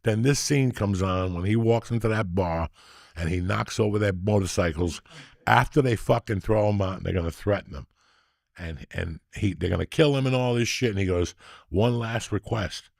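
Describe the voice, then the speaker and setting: A man in his sixties hosting a podcast, telling stories casually in a profane, rowdy way that gets loud when he is excited. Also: fairly low pitch, moderate pace, dry recording, clean studio sound. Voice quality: gravelly. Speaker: podcast host.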